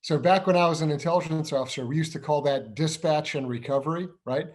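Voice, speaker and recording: A man's voice: fairly high pitch, fast. A middle-aged man co-hosting a political discussion show, explaining in a firm way and posing rhetorical questions. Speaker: co-host, investigations director.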